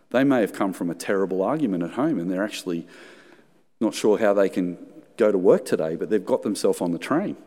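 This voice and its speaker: Aussie pastor guy telling a story in a sermon, lowish mellow voice, big echoey hall. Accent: Australian. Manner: animated storytelling, conversational. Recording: long hall reverb.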